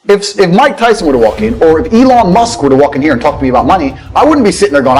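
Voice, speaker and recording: Blunt, lively man ranting. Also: fairly high pitch, fast, hardly any pauses, slightly rough, low-quality recording. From England. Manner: blunt, profane, lecturing, mocking impressions of others. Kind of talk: motivational rant. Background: faint background music.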